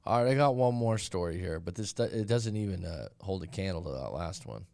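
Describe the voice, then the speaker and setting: A man's voice: low voice, expressive, a little fast, vocal fry, darkish tone. A middle-aged man hosting a live stream as a dating and breakup coach, talking casually and bluntly and acting out little quotes as he tells stories. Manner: candid, blunt, storytelling with quoted voices.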